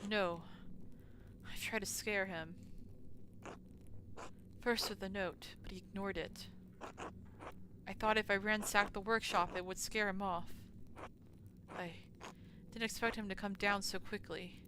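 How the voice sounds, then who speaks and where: A woman's voice: mid-range voice, fairly even intonation, unhurried, pauses often, noisy background, natural voice. Woman reading as a grim old priest. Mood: solemn. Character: older male priest confessing, grim and resigned.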